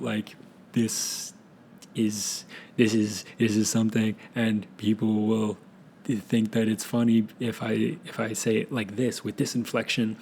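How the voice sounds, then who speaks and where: A young man talking through a casual solo podcast, looping back and restarting his sentences as he thinks. His mid-pitched voice has a gravelly fry to it, with a faint hum of noise behind him. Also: a little mellow. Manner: rambling, self-correcting, laid-back. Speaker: podcast host.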